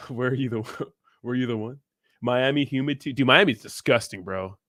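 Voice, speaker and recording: A man's voice: medium pitch, a bit bright, slightly rough, dry recording, clean studio sound. A young man from Southern California hosting a crypto livestream, chatting casually and crudely, joking and laughing as he reads viewer comments.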